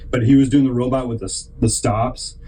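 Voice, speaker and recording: A man's voice: mid-range voice, steady tone, a little fast, warm tone, slight background noise, poor audio. A man hosting a podcast, telling a long rambling story and acting out other people's lines in put-on voices. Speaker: podcast host.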